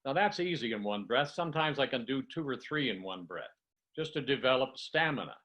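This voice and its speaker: A man's voice: medium pitch, expressive, fairly quick, fairly bright tone. An older man on a video call who is coaching a workshop group, demonstrating tongue twisters in one breath and explaining each one like a story. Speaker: communication coach. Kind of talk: online workshop teaching.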